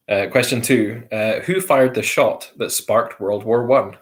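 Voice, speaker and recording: A man hosting a casual quiz, reading each question and repeating it. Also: mid-range voice. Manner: repeats questions slowly, with light chuckles. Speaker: quiz host.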